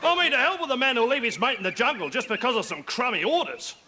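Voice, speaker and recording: An actor with an Australian accent playing a brash, blunt Australian army colonel in a 1970s TV sitcom. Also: male voice, extremely high pitch, sing-song, quick pace, bright, forceful tone, full character voice. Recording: noisy old TV soundtrack.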